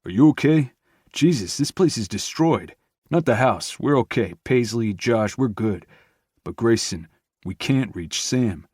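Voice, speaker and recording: A man's voice: mid-range voice, lively intonation, unhurried, a little mellow, slightly rough, no echo, studio quality. A man voicing a worried young male friend who talks urgently and tries to reassure.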